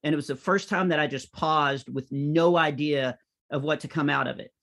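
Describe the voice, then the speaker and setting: A man's voice: a little high, normal speed, vocal fry. A middle-aged man, a comedian and author, telling anecdotes in a conversational interview. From United States. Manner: animated anecdotal storytelling.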